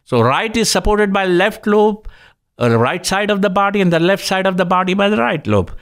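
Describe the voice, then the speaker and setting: A man's voice: high voice, fairly quick, clean tone. A middle-aged man hosting a healthcare talk show, telling anecdotes and jokes and acting out the people he quotes. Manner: animated storyteller who acts out quoted voices.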